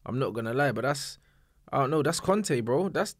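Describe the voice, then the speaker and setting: A man's voice: mid-range voice, expressive, normal speed, dry recording, studio quality. A man co-hosting a casual banter podcast, chatting in a laid-back way. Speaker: podcast co-host.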